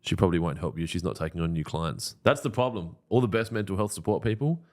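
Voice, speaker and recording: A man's voice: low voice, quick pace. A man co-hosting a casual podcast, joking and swearing freely. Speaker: podcast co-host. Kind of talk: casual banter.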